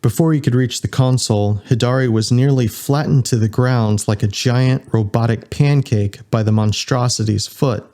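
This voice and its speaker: A man reading a science fiction audiobook as its narrator, in an even storytelling delivery. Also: mid-range voice, moderate pace, hardly any pauses. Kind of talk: scripted narration.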